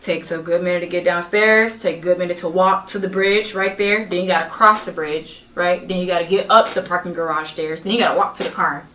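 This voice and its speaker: Bright-voiced woman telling a story, roomy echo. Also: fairly low pitch, a little fast, few pauses, slight background noise. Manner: animated, profane, emphatic. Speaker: podcast guest. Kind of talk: casual storytelling. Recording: roomy echo, distant mic.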